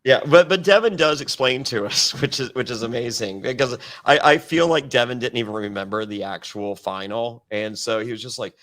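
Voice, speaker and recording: A man's voice: medium pitch, moderate pace, few pauses, fairly bright tone. A man hosting a casual recap podcast, swearing freely and mimicking the people he talks about. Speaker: podcast host.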